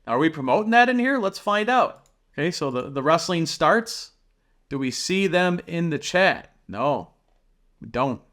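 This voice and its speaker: A man's voice: fairly high pitch, lively intonation, a little slow, fairly bright tone. A man reviewing a channel on screen, talking through it in an exasperated, critical way and firing off rhetorical questions. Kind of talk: screen-share commentary.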